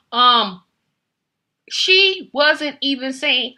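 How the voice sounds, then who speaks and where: A woman hosting a live-stream commentary show, speaking with an emphatic, animated delivery. Her voice is bright and forward, and she often repeats phrases for emphasis while talking straight to her viewers. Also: high voice, a little slow. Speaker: political commentary host.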